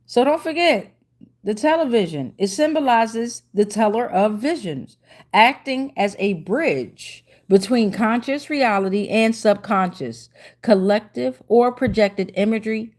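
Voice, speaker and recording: A woman's voice: on the high side, expressive, measured pace, a little mellow, echoey room. A woman giving a casual tarot reading to a phone camera, slangy and emphatic, often repeating herself. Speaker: tarot reader.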